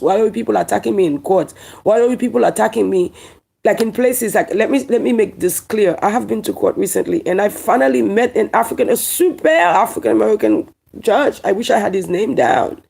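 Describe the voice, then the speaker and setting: A woman's voice: mid-range voice, animated, brisk, gravelly, warm tone, slightly rough. A woman from Haiti with a Haitian accent, speaking to camera in a heated monologue. She talks emphatically, repeating lines and firing rhetorical questions. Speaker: online commentator.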